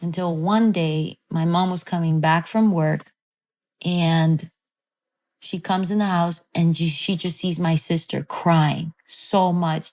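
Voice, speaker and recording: A woman director, a guest on an interview show, telling a story in a casual, animated way, swearing freely and using many fillers. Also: on the low side, slow pace.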